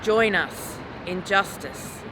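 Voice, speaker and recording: Woman in her forties, spoken word poet, unhurried and grave, over a noisy backdrop of traffic. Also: mid-range voice, expressive. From Australia. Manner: measured, grave delivery rising to impassioned calls. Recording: noisy recording with traffic ambience.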